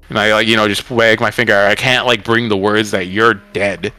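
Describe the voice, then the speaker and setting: Bright-voiced male tabletop player. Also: fairly low pitch, steady tone, a little hiss or hum. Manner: halting, filler-heavy. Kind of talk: casual tabletop play.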